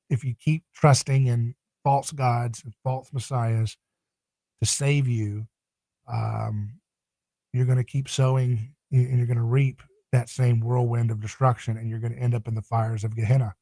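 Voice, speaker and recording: A man's voice: medium pitch, flat delivery, normal speed, warm tone, no room sound. Emphatic man on a podcast. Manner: passionate, emphatic preaching tone. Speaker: podcast guest. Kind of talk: podcast interview.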